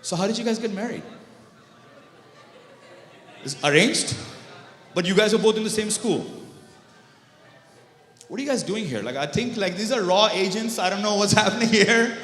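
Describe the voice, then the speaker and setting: Comic man working the room: high, bright voice that swings all over, teasing and chatty, echoey banquet hall. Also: lively intonation, normal speed, long pauses. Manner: teasing, chatty, laughs at own jokes. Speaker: stand-up comedian. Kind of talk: stand-up comedy with crowd work.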